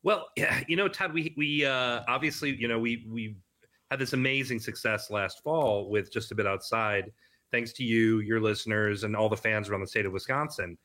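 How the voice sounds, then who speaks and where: A man's voice: lowish voice, moderate pace, sharp tone. A man as an interview guest, talking animatedly with frequent restarts about bringing a film to theaters. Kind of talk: casual interview.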